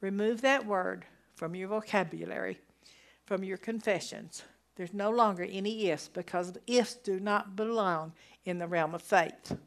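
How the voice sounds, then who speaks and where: A woman gives a sermon-style Bible teaching in a mid-pitched voice. She reads scripture slowly and with weight, then lifts her voice for emphatic declarations. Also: fairly bright tone. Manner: slow, emphatic scripture reading with rising exclamations.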